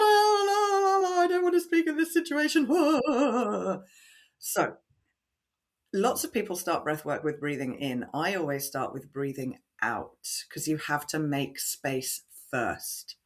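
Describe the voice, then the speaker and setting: A woman voice coach in a podcast interview, explaining techniques in a deliberately resonant, measured way and guiding listeners through breathing exercises. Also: low-pitched, a bit bright.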